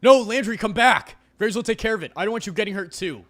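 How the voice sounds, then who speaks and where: A man's voice: sits high, expressive, fast, fairly bright tone, pitched above the performer's own voice. A man voicing a panicked young protagonist in a visual novel read-aloud, urgent and pleading.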